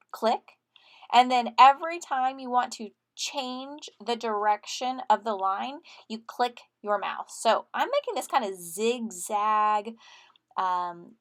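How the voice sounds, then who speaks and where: A woman teacher talks students through a computer task one click at a time, in a friendly and encouraging way. Her voice sits a little higher than most, and she sounds relaxed as she narrates a screen-recorded tutorial. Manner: friendly step-by-step instructions to students.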